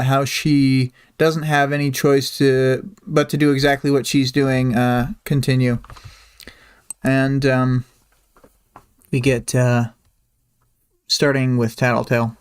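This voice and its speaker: A host talking through a chapter on a weekly livestream, rambling and hesitant. The voice is smooth and clear, at an average pitch. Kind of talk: casual chapter discussion.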